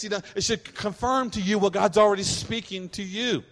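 High-voiced man preaching in an echoey hall. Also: fast, few pauses. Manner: animated preaching, acting out voices of people he describes. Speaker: pastor. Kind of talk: sermon.

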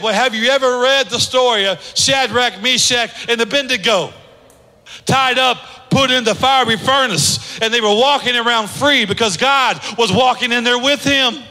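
A man's voice: high-pitched, sharp tone. A man preaching a sermon in a conversational way, acting out quoted speech as he goes. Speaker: pastor. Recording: long hall reverb.

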